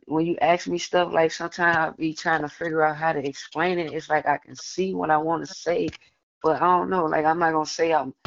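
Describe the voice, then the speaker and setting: A woman church member sharing a casual, rambling testimony at Bible study over the phone. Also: sits low. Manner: chatty, rambling with many likes. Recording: muffled phone line.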